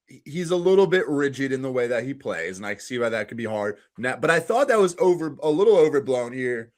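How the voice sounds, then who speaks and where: Lively, easygoing male podcast co-host. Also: medium pitch. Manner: easygoing, halting restarts, chuckles between points. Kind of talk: casual TV recap chat.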